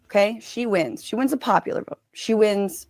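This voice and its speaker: A woman's voice: medium pitch, normal speed, darkish tone, no echo. A woman arguing in a heated debate, interrupting and repeating herself to get her point in. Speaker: panelist in a debate. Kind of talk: argumentative debate.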